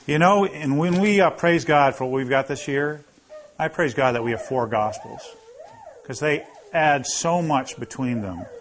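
A man's voice: on the high side, wildly swooping pitch, a little slow, a little hiss or hum. A man preaching a sermon as pastor, reading scripture aloud in a conversational way and calling on listeners by name.

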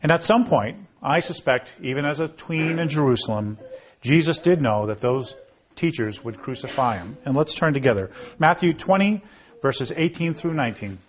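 A man's voice: on the high side, animated, normal speed, a little hiss or hum. A man preaching a sermon as pastor, reading scripture aloud in a conversational way and calling on listeners by name.

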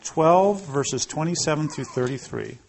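A man delivers a sermon in a church hall, his voice sitting a little higher than most men's. He talks to the congregation casually, reads verses aloud and calls people by name. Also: expressive, unhurried, creaky, a little hiss or hum. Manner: conversational, calls on listeners by name. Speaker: pastor. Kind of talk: sermon with scripture reading.

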